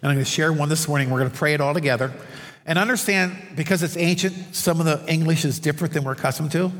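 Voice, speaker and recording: Quick and a bit bright, this man's fairly high voice leads a conversational church sermon, weaving in stories and asides for the people in the pews. The setting is a church sanctuary under stage lights, heard through long hall reverb.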